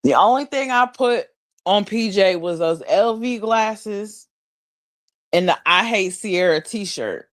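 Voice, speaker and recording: Woman livestreamer, unhurried and mid-pitched, loose chatty storytelling with laughs and cursing. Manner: rambling storytelling with frequent laughs and swearing. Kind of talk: casual livestream chat.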